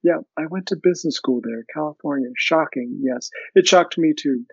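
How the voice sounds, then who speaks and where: Man reading a suave, kind English businessman, lifted pitch, dry muffled audio. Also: gravelly, dry recording. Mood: amused. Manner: gentle, measured reassurance.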